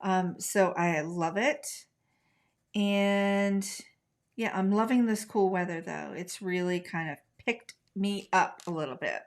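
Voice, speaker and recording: Woman, middle-aged, american, live craft lesson, chatty, relaxed talk with viewers. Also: on the low side, slow pace. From United States. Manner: chatty, talks to viewers while coloring. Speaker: craft tutorial host. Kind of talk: live-stream craft demonstration.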